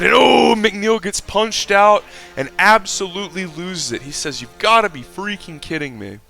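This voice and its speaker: A man doing mock play-by-play commentary over a game clip and ranting in a profane, exasperated way, sometimes breaking into shouts of excitement. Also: medium pitch. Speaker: online video commentator.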